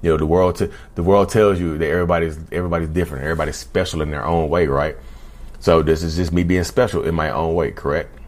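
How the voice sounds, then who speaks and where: A man's voice: a bass voice, fairly even intonation, fast. A man talking casually to his viewers, often calling them "y'all", in a direct-to-camera video monologue. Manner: conversational, keeps addressing viewers as "y'all". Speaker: vlogger talking about narcissism.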